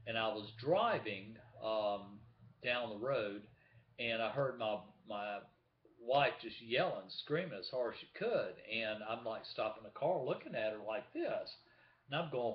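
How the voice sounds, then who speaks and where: This man's mid-range voice swings widely in pitch at a normal speed as he chats to his vlog camera and shows things off. The echoey room at home has an open window, and the audio comes across dull and lo-fi.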